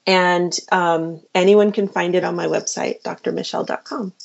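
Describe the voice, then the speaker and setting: A woman physician speaks in an earnest, casual way, stopping and restarting often. Her voice sits low and has a gravelly fry. The recording sounds dull and lo-fi. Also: steady tone, moderate pace. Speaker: physician and podcast host, guest. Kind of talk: casual interview answers.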